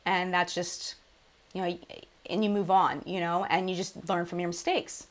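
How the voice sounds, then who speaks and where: A woman in her thirties hosting a live chat, emotional and apologetic, crying at times, talking in halting restarts. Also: on the low side, flat delivery. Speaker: beauty channel host.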